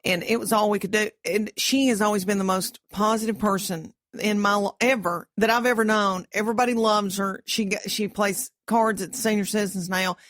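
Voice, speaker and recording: A woman's voice: medium pitch, a little fast, few pauses, dry recording, studio quality. Chatty woman telling stories. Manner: chatty, animated storyteller. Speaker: podcast co-host. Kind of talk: casual chat, storytelling.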